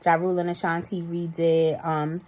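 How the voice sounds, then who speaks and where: A woman in her thirties from New York with a New York accent, chatting casually to her viewers in an animated, tipsy vlog. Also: fairly low pitch, moderate pace. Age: 30s. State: a little tipsy. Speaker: vlogger. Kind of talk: casual chat to camera.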